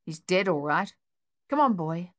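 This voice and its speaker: A woman voicing an eager teenage farm boy, excited and matter-of-fact. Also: lowish voice, a little slow.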